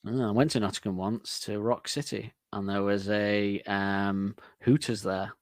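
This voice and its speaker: A man co-hosting a casual music podcast, talking in a rambling, chatty way and breaking into laughter often. His voice sits low, and the sound is dry and close with no room echo. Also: flat delivery, unhurried. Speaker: podcast co-host.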